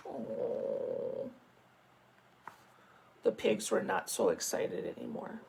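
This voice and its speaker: A woman school principal reading a picture book aloud to children, with animated storytelling and chatty asides. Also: mid-range voice, slow pace, creaky, pauses often, background noise. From United States.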